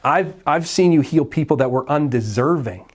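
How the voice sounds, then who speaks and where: A man's voice: fairly high pitch, lively intonation, normal speed. A man voicing a heartbroken, grieving woman who blames a friend in a pleading, accusing way.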